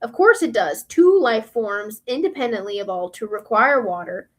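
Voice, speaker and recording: A woman's voice: a little high, expressive, moderate pace, close to an everyday voice. A woman reading aloud the lines of a stern, dismissive female scientist, scornful and argumentative.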